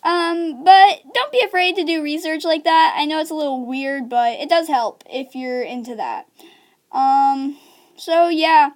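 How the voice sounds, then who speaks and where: Young woman, high-pitched, casual rambling vlog delivery with giggles and fillers. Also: lively intonation, measured pace. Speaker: video creator giving writing tips. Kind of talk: casual chat to camera.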